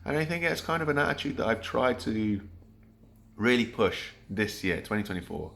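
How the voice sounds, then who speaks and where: Man, 30s, lowish voice, earnest rambling vlog talk, lots of restarts. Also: very animated, moderate pace, vocal fry, fairly bright tone. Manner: earnest, rambling, thinking aloud with many restarts. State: getting choked up. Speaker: vlogger. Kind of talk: reflective vlog monologue.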